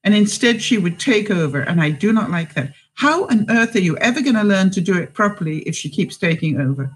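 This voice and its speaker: A woman vlogger chats through a live stream, reading viewers' comments aloud and answering with warm encouragement. Her talk wanders, full of ums and restarted phrases, as she gives advice off the cuff. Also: medium pitch, animated, a little fast, low-quality recording. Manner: rambling with many fillers and restarts. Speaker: vlogger and host.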